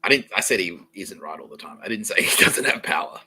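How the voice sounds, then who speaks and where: Rambling man, bright tone. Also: low-pitched, expressive, fast talker, breathy edge, soft background music, poor audio. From Australia. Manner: swings from mutters to loud outbursts, laughs through lines. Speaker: podcast host. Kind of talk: rambling profane monologue.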